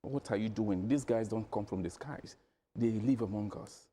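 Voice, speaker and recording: A man speaking as a guest on a news panel, measured at first and then building to pointed questions. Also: fairly low pitch, mellow, slight background noise. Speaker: studio guest commentator.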